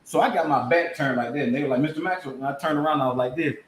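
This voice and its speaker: A man's voice: a little high, rapid-fire. A man telling a comedic story on a podcast, acting out voices and laughing as he goes. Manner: animated, acts out voices and laughs mid-story. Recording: echoey room with faint background noise.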